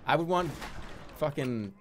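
A man streaming a game, chatting casually in a rambling, jokey way, sometimes jumping into loud, high mock-announcer bits. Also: animated, unhurried. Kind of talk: casual gaming stream chat. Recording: game gunfire noise behind voice.

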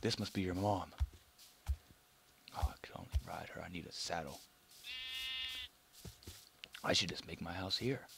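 A young man giving casual gameplay commentary, excitable, swearing now and then and muttering asides under his breath. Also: low voice, a little slow, gravelly, pauses often, a little hiss or hum. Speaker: let's play gamer.

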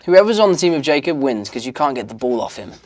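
A man's voice: mid-range voice, very animated, fast talker, a little hiss or hum. A young man with an English accent, an actor chatting cheekily in press interviews and often apologising.

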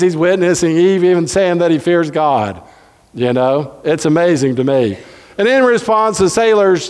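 Pastor, male, high voice, preaching with leaps and stretched words, reverberant church hall. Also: clean tone. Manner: preaches with sudden pitch jumps, drawn-out emphasis. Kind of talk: sermon. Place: church sanctuary.

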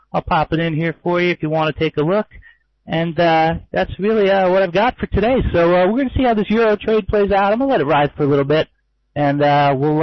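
A man's voice: a little high, dry recording, highs cut off. A man who trades forex giving a loose, casual market commentary webinar, with many fillers and wry asides. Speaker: forex trader and trading educator.

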